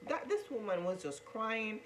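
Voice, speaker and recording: A woman's voice: medium pitch, very animated, unhurried, slight background noise, rough recording. A woman telling her coming-out story to viewers, earnest and repetitive, often calling them guys. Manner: earnest, repeats herself, addresses viewers as guys. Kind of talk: emotional storytelling to camera.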